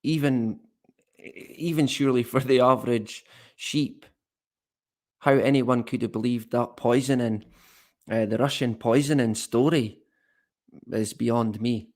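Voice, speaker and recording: Male live-stream host, unhurried delivery, sardonic and rambling, casual swearing, chatting with the comments. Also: medium pitch, fairly even intonation.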